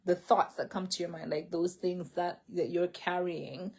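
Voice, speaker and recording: Husky slow-talking woman, rambling. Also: on the low side, steady tone, a little mellow. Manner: rambling, full of "like" and self-corrections, laughs often. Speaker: vlogger sharing a faith and healing story. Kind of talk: casual spoken testimony. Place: indoors, seated in a chair. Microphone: camera.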